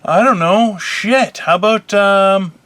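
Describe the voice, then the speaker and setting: A young man co-hosting a casual comedy podcast, animated and profane, breaking into loud mock outbursts. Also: high voice, slow pace, clear, resonant tone, dry recording. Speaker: co-host.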